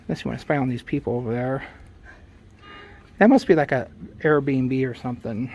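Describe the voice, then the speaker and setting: Holding his phone camera, a middle-aged man who hosts a travel channel chats his way down a city sidewalk and then into a small car, full of filler words and jokey asides. He talks briskly in a medium, darkish voice, and the audio's high end is cut off.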